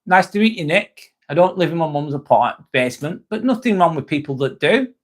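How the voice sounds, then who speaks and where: This English livestreamer sounds animated, with a fairly high pitch and a slightly fast delivery. He chats casually, calls out viewers by name as he answers their comments, and doesn't hold back on swearing.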